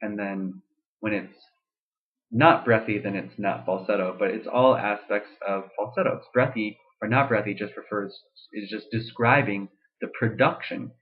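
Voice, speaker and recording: A man's voice: on the low side, normal speed. A young man giving a casual voice lesson, explaining vocal registers with fillers and restarts and breaking into sung demonstrations. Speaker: voice teacher. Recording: tinny lo-fi webcam audio.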